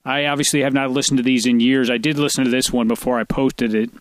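A man's voice: medium pitch, fairly even intonation, fast, dry recording. A man hosting a casual podcast, rambling and stammering, with a lot of profanity. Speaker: podcast host.

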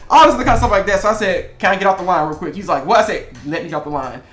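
A man co-hosting a casual podcast, telling a work story with lively acted-out quotes and laughter. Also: high voice, racing, few pauses, echoey room. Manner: animated, acts out quotes with laughs. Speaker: podcast co-host.

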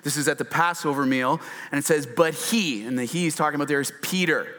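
Guy pastor preaching, pretty high voice, gets loud acting out quotes, long echo in a big room. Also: quick pace. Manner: animated, acts out quotes in a raised voice. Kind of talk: sermon. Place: church hall with slides on a screen. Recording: long hall reverb.

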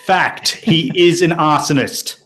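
An Australian man hosting a podcast, chatting casually and joking in loose, animated rants. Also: fairly high pitch, takes it slowly. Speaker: podcast host. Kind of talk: casual chat.

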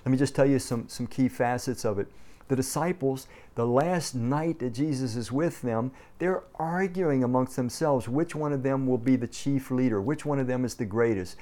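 Male preacher, warm low-key timbre, emphatic sermon delivery with frequent restarts. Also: normal speed. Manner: emphatic, repeats words when starting phrases. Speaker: pastor.

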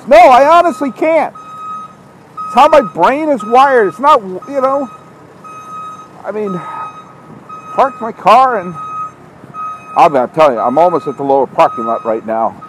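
Man, podcast host, exasperated self-talk, animated swings in pitch, outdoors, traffic and a reversing truck behind. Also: measured pace, pauses often, poor audio. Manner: self-scolding, exasperated rambling. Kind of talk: walking monologue podcast. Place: outdoor parking lot at night. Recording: outdoor street noise, truck backing up.

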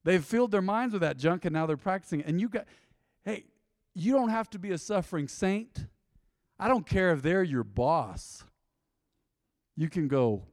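A man's voice: sits high, expressive, moderate pace, pauses often, no room sound, studio quality, big-room sound. A man preaching a sermon to a congregation in a folksy, conversational way, often slipping into quoted asides. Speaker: pastor. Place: church sanctuary.

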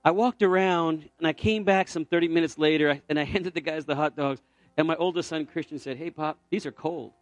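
A man's voice: on the high side, fairly even intonation, brisk, no echo, soft background music. A middle-aged man preaching, telling a personal story and then leading a fervent altar call. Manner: storytelling, building to fervent exhortation. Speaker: pastor. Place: church sanctuary.

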